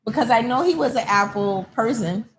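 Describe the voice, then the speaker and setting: A woman hosting a casual chat in a hair salon, telling stories with lively quoted dialogue. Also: a little high, brisk, slight background noise, low-quality recording. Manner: animated storyteller, acts out quoted callers. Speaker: host.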